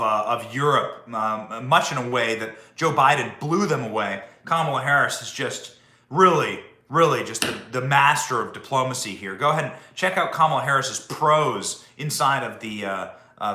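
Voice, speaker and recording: A male host rants sarcastically through political commentary, stumbling over fillers and restarts. His voice is bright and forceful, and a roomy echo hangs around it. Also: mid-range voice. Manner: sarcastic, ranting, with many fillers.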